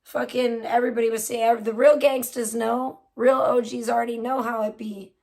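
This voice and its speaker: A woman's voice: fairly high pitch, little pitch movement, moderate pace, a little mellow. A woman hosting a casual livestream, chatting with viewers in a blunt, profane, heated way. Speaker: livestream host. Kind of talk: casual live-stream chat with viewers.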